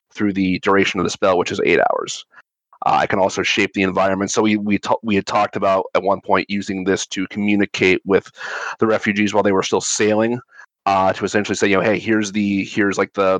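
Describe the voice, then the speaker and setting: Low-voiced man rambling through game rules. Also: fairly bright tone, dry recording, poor audio. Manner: rambling, many restarts and filler words. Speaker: player in a tabletop game. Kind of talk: casual explanation of game rules.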